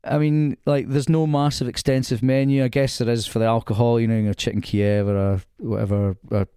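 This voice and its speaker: A man's voice: mid-range voice, level tone, brisk, warm tone, clean tone, no room sound, studio quality. A man, a golf links manager, chatting casually on a podcast and telling stories with many restarts. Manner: chatty, storytelling, frequent restarts.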